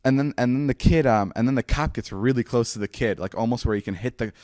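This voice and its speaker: A young man telling a story on a podcast, animated and swearing a lot, jumping up in pitch when he acts out quotes. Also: fast talker, no echo, studio quality. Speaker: podcast host. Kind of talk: casual storytelling.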